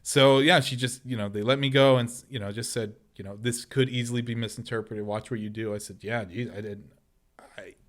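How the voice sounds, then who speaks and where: A man tells a story on a casual podcast. He is animated, slips into voices for the people he quotes, and breaks into laughter often. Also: mid-range voice, brisk, hardly any pauses. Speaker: podcast co-host.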